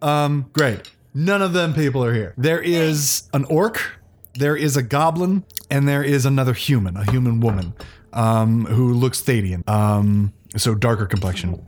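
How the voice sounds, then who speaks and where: A man's voice: mid-range voice, a little slow, darkish tone. A man narrating as game master, often laughing and restarting his phrases.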